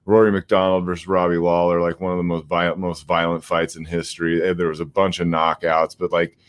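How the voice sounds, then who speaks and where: A laid-back man hosts a casual podcast, telling his own stories in a loose, rambling way. His voice is on the low side, and he leans on fillers as he goes. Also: completely flat delivery, brisk. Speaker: podcast host.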